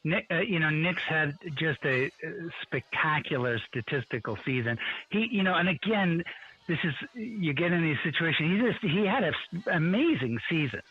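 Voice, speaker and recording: A man who writes on college football, a guest telling stories in an animated way on a radio show. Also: fairly high pitch, normal speed, breathy edge, muffled recording. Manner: animated storyteller, acts out quotes. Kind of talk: storytelling in a radio interview.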